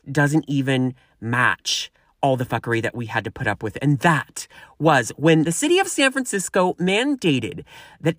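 A podcast host telling a story about work in a profane, animated rant, talking straight to the listeners. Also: medium pitch, no room sound, studio quality. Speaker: podcast host and restaurant manager.

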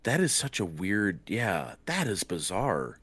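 A man's voice: low-pitched, wildly swooping pitch, unhurried, a bit bright, husky. A man who is a guest on a casual podcast, talking in a loose, rambling way with lots of fillers and swearing. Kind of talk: casual chat.

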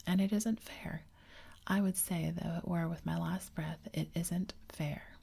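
Whispered role-play: woman doing a pompous huffy dad, low gravelly whisper, flat. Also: unhurried, exaggerated voice. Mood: indignant. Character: proud, blustering father, middle-aged man.

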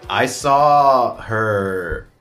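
A deep-voiced man at a tabletop game who talks slowly and tentatively. He chuckles as he describes his moves, with faint music behind him. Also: expressive. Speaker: player. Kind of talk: casual tabletop role-play.

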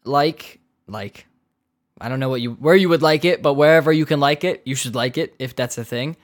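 A man hosting his podcast in an easygoing, off-the-cuff way, wandering into joking tangents between plugs. His voice sits at an average pitch, and he fills gaps with plenty of ums and uhs. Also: normal speed. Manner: rambling, joking asides, many fillers. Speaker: podcast host. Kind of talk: casual podcast intro.

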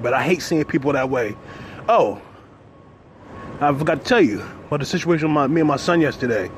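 A man's voice: on the high side, moderate pace, long pauses. Man vlogging loosely on a busy street. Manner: loose, conversational, sprinkled with "man" and "you know". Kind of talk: casual walking vlog. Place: city street outdoors. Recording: noisy outdoor street audio. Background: street traffic.

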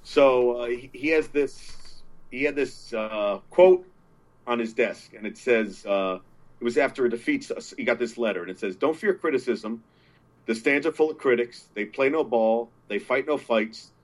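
A man's mid-pitched voice, earnest and encouraging, in a relaxed podcast chat. He circles back over his own words as he talks. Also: normal speed. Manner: earnest, encouraging, repeats himself. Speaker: podcast guest. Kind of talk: casual chat.

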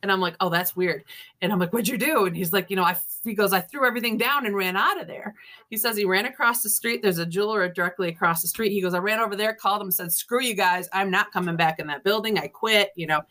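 A woman's voice: medium pitch, fast. A woman guest author in an interview, telling ghost stories casually and acting out other people's lines as she goes. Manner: lively storyteller, acts out quoted dialogue, laughs often.

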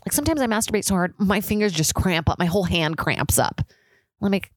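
This podcast host, a young woman, runs a casual solo show full of swearing and "like," and she mimics others with squealing, high voices. She speaks fairly quickly, and there's no room sound.

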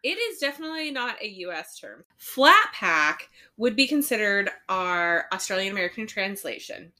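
A woman's voice: medium pitch, moderate pace. A woman in her thirties co-hosting a podcast, telling family stories in a casual, laughing way. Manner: lively, laughing storyteller. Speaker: podcast co-host. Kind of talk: casual chat.

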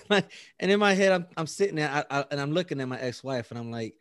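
Animated man telling a story, dry close mic. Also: fairly high pitch, fast, dry recording. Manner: animated, acts out dialogue, laughs often, heavy profanity. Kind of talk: casual chat.

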